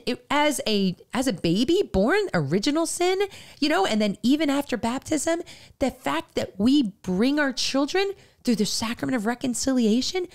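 Casting note: middle-aged woman, fairly high voice, halting and heartfelt faith-podcast host. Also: very animated. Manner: halting, filler-heavy, growing emotional and earnest. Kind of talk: faith-based casual podcast talk.

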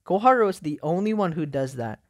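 A gaming YouTuber giving rambling, excitable let's-play commentary, full of fillers. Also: mid-range voice, a little fast.

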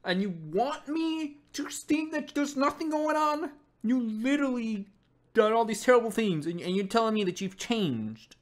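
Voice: mid-range voice, expressive, normal speed, pitched above the performer's own voice, close to an everyday voice. A reviewer reading aloud the lines of a young woman angrily confronting her father, in a mostly everyday voice. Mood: indignant. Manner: indignant, rising exasperation.

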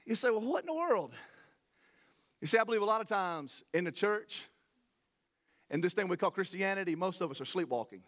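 A middle-aged man, preaching a sermon to his church in a folksy, animated way with many restarts. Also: sits high, a little fast, long pauses. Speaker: pastor. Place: church sanctuary.

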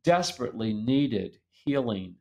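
Middle-aged male storyteller, gravelly edge, animated and laughing, mid pitch. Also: measured pace, dull audio. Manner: animated, laughing as he reads old letters aloud. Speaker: author and speaker. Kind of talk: interview storytelling.

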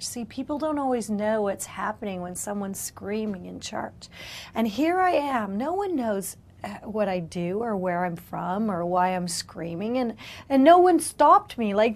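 A woman's voice: fairly high pitch, darkish tone. A middle-aged woman missionary giving a spoken testimony, emotional, often dropping into whispers. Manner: emotional, drops into whispers at tender moments.

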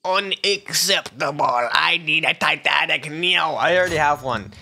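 A man doing excitable, melodramatic gameplay commentary as a gaming video creator. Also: normal speed, gravelly. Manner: excitable, melodramatic, jumps to squeaky yelps. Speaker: gaming YouTuber.

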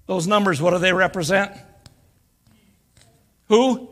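Older guy preaching, jokey and folksy, high-ish voice, long church echo. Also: fairly even intonation, unhurried, long pauses, pushed and bright. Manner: folksy, joking, acts out quoted voices. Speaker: guest preacher. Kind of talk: sermon. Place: church sanctuary. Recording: church live stream with long reverb.

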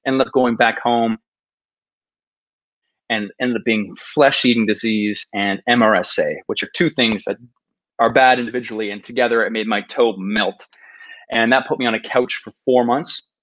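A man's voice: mid-range voice, steady tone, moderate pace, a bit bright. A man in his thirties, a podcast guest telling his story in an earnest, self-deprecating way, often restarting his sentences. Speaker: podcast guest, travel video maker. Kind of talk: casual storytelling interview. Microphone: podcast microphone.

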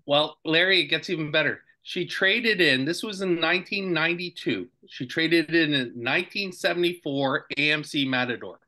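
Bright, lively older male storyteller. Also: on the high side, moderate pace, few pauses. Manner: animated anecdote-teller, acts out quotes. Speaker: podcast co-host. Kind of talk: casual storytelling chat.

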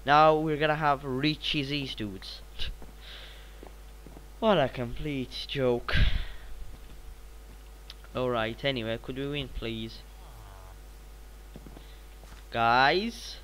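A teenage boy, a little sick, commenting on his own gameplay with a bright, crisp tone at an ordinary pitch. He rambles and jumps into excited repeated exclamations. Faint hiss and clicks sit under the voice. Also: slow pace, long pauses, poor audio. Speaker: gaming channel host.

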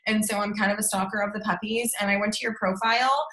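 A young woman leading a casual sales training over a video call, chatty and animated, with lots of fillers and laughter. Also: quick pace, echoey room. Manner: acts out quoted voices with big pitch jumps. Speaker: sales team leader training her team.

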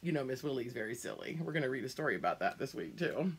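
A middle-aged woman, a preschool teacher at home, reading a picture book aloud to small children in a gentle, singsong way. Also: extremely low pitch, big pitch swings, fast talker, vocal fry, a little hiss or hum. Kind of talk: children's storybook read-aloud.

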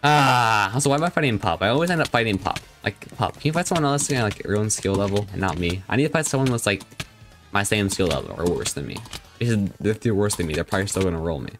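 A man's voice: fairly low pitch, animated, fast talker, fairly bright tone, faint music behind. Chatty young male game streamer. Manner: chatty, joking, reads and answers viewer chat. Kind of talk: casual live-stream chat.

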